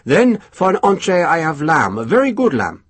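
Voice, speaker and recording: A man's voice: fairly high pitch, wildly swooping pitch, normal speed, husky, no room sound, pitched above the performer's own voice, full character voice. Man doing a stubborn, grudging army cook. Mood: dogged. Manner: dogged, indignant.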